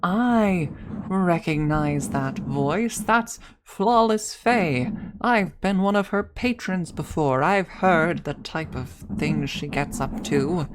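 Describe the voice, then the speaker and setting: A woman puts on an outraged fan who stops at the counter and makes a fuss, stressing each word slowly. The voice is low and unhurried. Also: noisy background. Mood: indignant. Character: indignant fan recognizing a creator at a counter.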